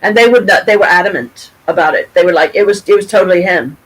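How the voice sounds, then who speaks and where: A middle-aged woman from Michigan telling a story to her camera at home, rambling and animated, with frequent restarts and casual swearing. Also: on the low side, quick pace, breathy edge, low-quality recording. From Pontiac, Michigan, USA. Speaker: vlogger. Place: at home, with her cat nearby.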